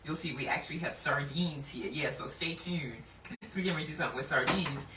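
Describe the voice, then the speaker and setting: A woman hosting a casual Bible lesson, laughing often and slowing down to read scripture with emphasis. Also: low-pitched. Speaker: Bible teacher and host. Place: indoor room. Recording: echoey room, mic at a distance, faint background noise.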